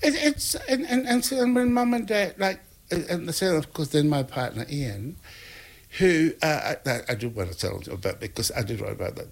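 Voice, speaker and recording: A man's voice: a little high, moderate pace. Laughing older New man telling stories. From North Island of New Zealand. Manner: animated, laughs often, acts out quotes. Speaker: guest. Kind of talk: anecdotal storytelling.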